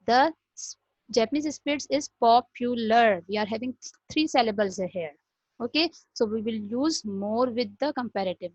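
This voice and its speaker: A woman's voice: on the high side, no echo. Teacherly woman. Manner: explains step by step, repeats "okay", mixes in Hindi phrases. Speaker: English teacher. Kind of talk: classroom grammar lesson. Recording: dry, dull lo-fi recording.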